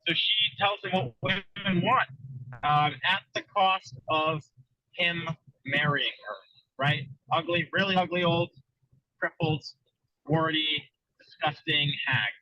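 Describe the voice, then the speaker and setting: A man hosting a casual podcast chat, telling a story in a loose, rambling way. His voice sits a little high and sounds dry and close. The recording is dull and lo-fi. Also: slow pace, bright, forceful tone, no echo. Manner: loose, storytelling, many fillers. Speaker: podcast host.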